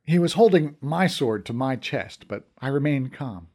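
A man narrating a first-person adventure story in an animated, expressive way. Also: medium pitch, moderate pace.

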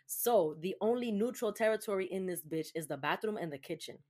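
A young woman in casual, animated storytelling mode, her voice sitting a little low for a woman. She swears freely, laughs through her own anecdotes, and drops Spanish words into her talk as a show host. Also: brisk, hardly any pauses.

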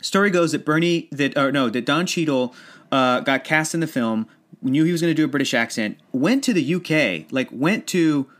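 A man in his thirties talking about movies in a casual chat, rambling and animated, often laughing. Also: fairly high pitch, moderate pace.

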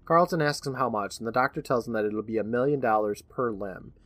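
This man speaks a little fast in a mid-range voice, captured dry. Co-hosting a podcast, he chats casually through an episode recap as an animated storyteller, often laughing and performing lines.

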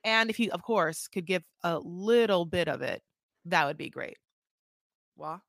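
Bright, teasing woman podcast co-host. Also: on the low side, expressive, gravelly, dry recording. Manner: playful, teasing, quick asides. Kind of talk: casual chat.

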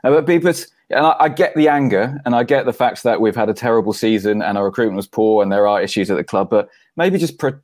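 A man's voice: fairly low pitch, animated, fast talker, few pauses, darkish tone, no room sound. A man on a casual football podcast, making an argued point in a wry way. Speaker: podcast panelist.

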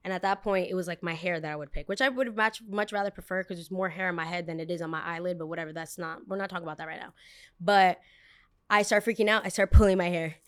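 This podcast host, a young adult woman, tells a chatty story packed with fillers, side tangents and frank cursing. She speaks fast in a lowish, steady, smooth voice with a slightly bright tone.

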